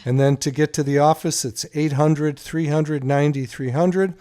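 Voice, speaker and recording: A man's voice: a little high, fairly even intonation, moderate pace, dark tone. Playful joking male radio host. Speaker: radio show host, doctor. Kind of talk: casual radio talk, telling jokes.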